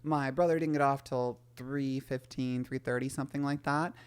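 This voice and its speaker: A woman's voice: rumbling low, normal speed, clear, resonant tone. A woman in her forties, a guest from the San Francisco area, telling candid stories about her childhood and acting out family voices as she goes. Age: 40s. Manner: animated storyteller who acts out family voices. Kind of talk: candid conversational storytelling.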